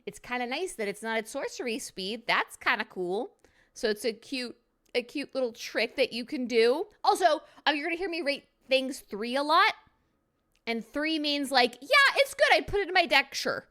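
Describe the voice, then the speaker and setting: A goofy woman streamer reviews cards in casual, playful chat, making silly jokes as she goes. Her voice sits a little high and has a bright, crisp edge. She is close on a desk microphone. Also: expressive, normal speed. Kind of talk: casual card review commentary.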